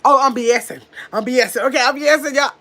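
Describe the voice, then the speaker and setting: This livestream host talks fast in a high-pitched, somewhat bright voice. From home, in pajamas, she keeps up a casual chat with viewers and reads out their comments.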